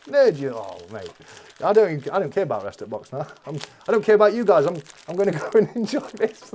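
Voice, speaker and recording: A man's voice: fairly high pitch, sing-song, fast talker, warm tone, husky. A man hosting a live-stream unboxing, talking casually and gushing with exclamations. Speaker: channel host.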